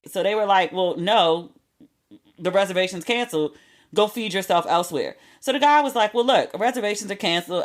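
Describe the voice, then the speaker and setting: A young woman hosting a podcast, telling stories in a candid, casual way with slang and profanity. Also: on the low side. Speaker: podcast host. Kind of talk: casual solo chat.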